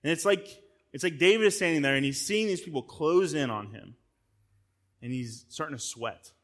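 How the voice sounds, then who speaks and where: A man's voice: a little high, lively intonation, moderate pace. A man giving a sermon as a guest pastor. He preaches conversationally, speaks straight to his listeners, and often repeats words as he restarts. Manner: frequent word repeats and restarts.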